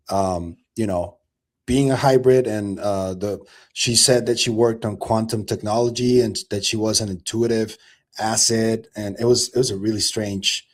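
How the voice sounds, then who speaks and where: A man hosting a podcast, chatting in a relaxed and curious way and swearing casually. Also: fairly low pitch. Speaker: podcast host. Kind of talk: casual chat.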